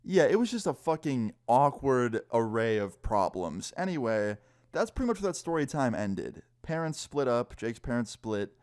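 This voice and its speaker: A young man casually telling a story time, animated and swearing, acting out what people said. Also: mid-range voice, normal speed, smooth, no echo, clean studio sound. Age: young adult. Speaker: storyteller vlogger.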